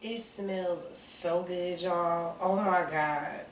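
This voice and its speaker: A woman's voice: on the low side, very slow, recorded from a distance, a little hiss or hum. Southern woman, home baking vlogger, gushing and chatty, recorded from across an echoey kitchen. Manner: excitable, chatty, calls viewers y'all and baby. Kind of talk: casual chat to camera. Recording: roomy kitchen sound, off-mic.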